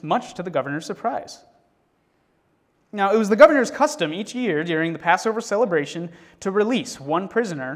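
A man reading a scripture passage with expression, then teaching from it in a casual, unscripted way with frequent fillers and restarts. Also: a little high.

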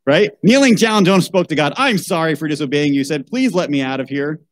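A man's voice: a little high, expressive, fairly quick, no echo, low-quality recording. A man reading a children's Bible story aloud, breaking off for wry asides and a rant about how such books should be chosen. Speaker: podcast host.

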